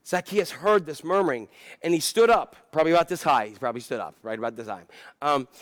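A man's voice: fairly high pitch, lively intonation, fast. A middle-aged man preaching a sermon in a conversational, reflective way, with asides and restarts. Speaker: pastor.

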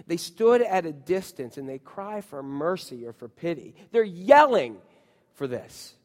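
A man preaching a sermon in a church, animated and calling out to the congregation. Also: fairly high pitch, unhurried. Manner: animated, calls out to the congregation, acts out shouts. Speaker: pastor. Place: church sanctuary. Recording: long hall reverb.

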